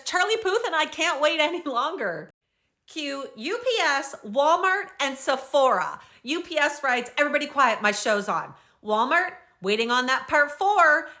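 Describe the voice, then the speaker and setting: A woman's voice: high voice, bright, forceful tone. A young woman host recapping and reading out social media comments in an upbeat, bubbly way.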